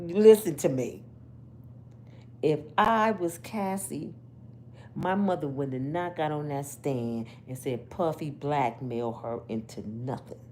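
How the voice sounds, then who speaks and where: A woman's voice: deep voice, a little mellow, a little hiss or hum. A woman host giving brash, profane storytelling commentary, laughing often.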